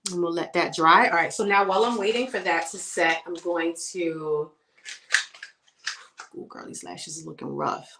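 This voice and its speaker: A woman's voice: on the low side, fairly even intonation, moderate pace, pushed and bright, a little hiss or hum. Chatty woman livestreaming her makeup. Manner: chatty, addresses viewers as y'all and girl. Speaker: beauty livestream host. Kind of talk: casual chat while doing makeup. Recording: echoey room sound.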